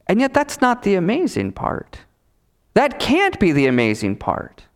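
A male pastor preaching a sermon, emphatic, with repetition and dramatic pauses. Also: high voice. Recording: reverberant hall.

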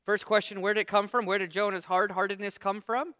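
A man's voice: high-pitched, a little fast, smooth, no room sound, studio quality. A man preaching a sermon, who acts out a biblical figure's angry complaints in a raised voice. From United States. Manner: animated preaching, acting out Jonah's complaints in a raised voice. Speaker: pastor.

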